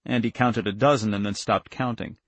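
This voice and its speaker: A man reading a novel aloud in a measured, tense storytelling voice. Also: on the low side, steady tone, dry recording. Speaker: narrator. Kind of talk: audiobook narration.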